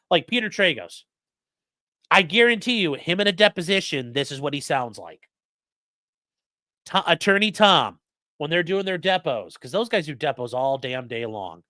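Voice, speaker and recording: A man talking on a live stream, with a lively, bouncing delivery and a bright, forceful tone that sits a touch high. He talks bluntly and swears freely, like a working lawyer reacting to chat. The sound is dry and close, with no room echo. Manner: profane, blunt, animated.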